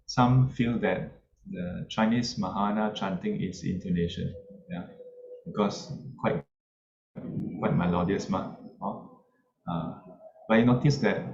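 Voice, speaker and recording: A man giving an informal dharma talk as a Buddhist teacher, halting, with many fillers and soft chuckles. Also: lowish voice, gravelly. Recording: roomy, muffled, faint background noise.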